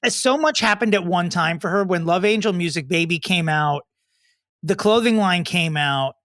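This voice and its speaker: A man co-hosting a comedy podcast in casual chat, throwing in quick sarcastic quips. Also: high-pitched, fairly bright tone, no echo, studio quality. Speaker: podcast co-host.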